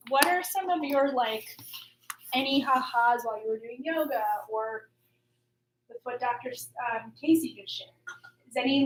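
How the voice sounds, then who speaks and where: A woman life coach leads a small workshop group in casual talk, chatty and upbeat with many fillers. Her voice is a little high and fairly bright, heard from a distant mic in an echoey room.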